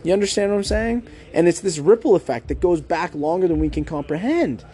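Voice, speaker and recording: With a high-pitched, expressive, mellow voice, a young man hosting a podcast chats casually about a book on his own. He shapes his tone up and down deliberately to keep his audience engaged, leaning on rhetorical questions and the filler "like."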